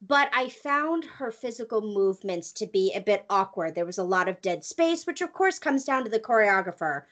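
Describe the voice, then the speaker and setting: A woman's voice: mid-range voice, animated, normal speed, fairly bright tone. A woman hosting a podcast, chatting casually and teasing her co-host, laughing often. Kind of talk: casual pop-culture chat.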